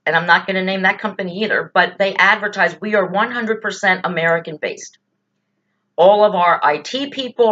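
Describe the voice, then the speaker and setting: A woman's voice: mid-range voice, sharp tone, muffled recording. A woman giving indignant political commentary in a blunt, exasperated way, full of rhetorical questions and swearing. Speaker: political vlogger.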